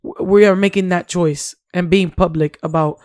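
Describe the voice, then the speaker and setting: Mulher conversando num podcast, voz lisa. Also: female voice, fairly low pitch, steady tone, moderate pace, a little mellow, clear, resonant tone, dry recording, studio quality. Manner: chatty, restarts sentences often. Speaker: podcast co-host. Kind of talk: casual chat.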